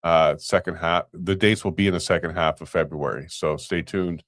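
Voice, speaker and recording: A man with a very deep voice, chatting loosely as a co-host and chuckling often. The sound is close and dry, with no room around it. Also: moderate pace, no echo. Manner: relaxed, chuckling, rambling. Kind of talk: casual chat.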